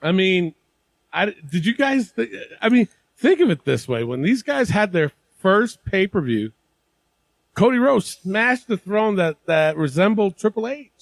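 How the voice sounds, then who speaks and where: A man hosting a wrestling podcast, talking loudly and excitably and swearing freely in casual chat. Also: sits high, unhurried, gravelly, dry recording. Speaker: podcast host.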